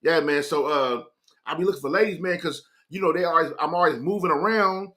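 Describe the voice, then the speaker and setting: Brash carefree middle-aged guy, halting and drawling, bright edgy voice, a storyteller putting him on. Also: a little high, lightly acted. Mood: blurting. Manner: drawling, halting, full of fillers.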